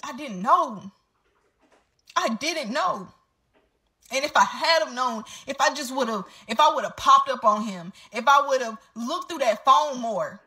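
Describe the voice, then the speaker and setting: A woman's voice: sits high, animated, a little slow, pushed and bright. A woman telling her story straight to camera in a casual storytime vlog, candid and swearing freely.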